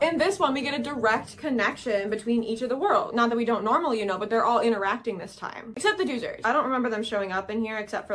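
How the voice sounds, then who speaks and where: A woman's voice: a little high, a bit bright. A young woman in a casual, chatty recap, giggling and saying "like" often. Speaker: video reviewer.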